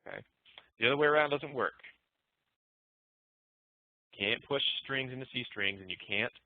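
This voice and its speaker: A low-pitched man gives a programming lecture in a loose, thinking-aloud way. His voice comes through a narrow, phone-like channel with almost no room sound. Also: dry recording. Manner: relaxed, thinking aloud with fillers and restarts. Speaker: programming instructor. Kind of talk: recorded lecture explaining code. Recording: muffled phone-like dry audio.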